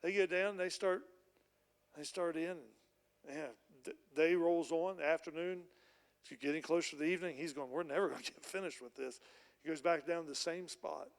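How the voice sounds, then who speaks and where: A man's voice: fairly high pitch, fairly even intonation, normal speed, smooth, long reverb tail. A man preaching a sermon as a pastor, retelling a parable in plain, conversational storytelling. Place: church.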